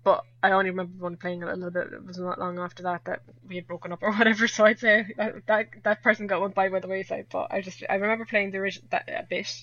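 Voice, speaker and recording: A woman's voice: mid-range voice, flat delivery, quick pace, hardly any pauses, a bit bright, no room sound. Chatty Irish woman, dry lo-fi audio. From Ireland. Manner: chatty, laughs often, self-deprecating. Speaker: guest. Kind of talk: casual chat.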